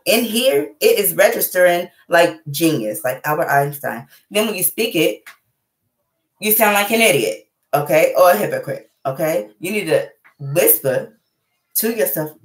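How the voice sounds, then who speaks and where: A woman hosting her own channel, giving blunt, profane life advice in a casual, animated livestream. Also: fairly low pitch, moderate pace. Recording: echoey room.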